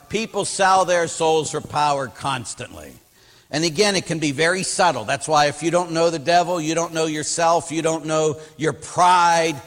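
A man with a fairly high voice preaches as a Catholic priest, chatty and rambling as he tells stories. He acts out the voices of the people in them, and his words ring with a long hall reverb. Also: a bit bright. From Pittsburgh area, USA. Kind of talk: storytelling sermon.

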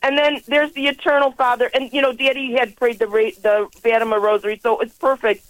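A woman's voice: on the high side, flat delivery, a little fast, no room sound, rough recording. A woman in her sixties calling a radio show by phone, talking in an effusive, rambling, fervent way and laughing often. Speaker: caller.

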